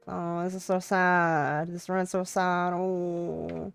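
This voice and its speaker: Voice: medium pitch, flat delivery, slow pace, gravelly, hardly any pauses, clear, resonant tone, no echo, soft background music. A streamer reading a visual novel's dialogue aloud during a live stream, teary and emotional, breaking into swearing outbursts between lines.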